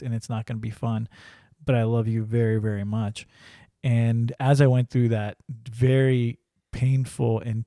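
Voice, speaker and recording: A ranch crew member shares his faith testimony in casual conversation, earnest and restarting often. His mid-range voice is warm with vocal fry, captured in a dry, clean studio recording.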